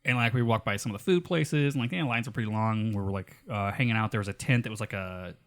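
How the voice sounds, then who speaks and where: A man co-hosting a podcast, telling stories in an animated, profane casual chat. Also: lowish voice, quick pace. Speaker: podcast co-host.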